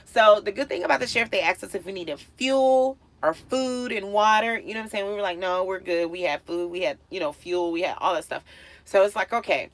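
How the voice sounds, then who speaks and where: A woman vlogger telling a story casually to her viewers, animated and acting out what people said. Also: mid-range voice, fairly quick. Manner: animated, acts out quotes with big swings in loudness.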